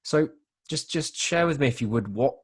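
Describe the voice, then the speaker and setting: A man's voice: medium pitch, expressive, normal speed, husky. A man hosting a podcast, asking his guest questions and searching for his words with many repeats. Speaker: podcast host. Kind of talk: interview questions in casual chat.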